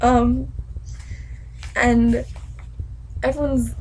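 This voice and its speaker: A woman's voice: on the high side, level tone, extremely slow, a little mellow, slight background noise, poor audio. A young woman at home, ranting and gushing as she recaps a book chapter in a casual vlog.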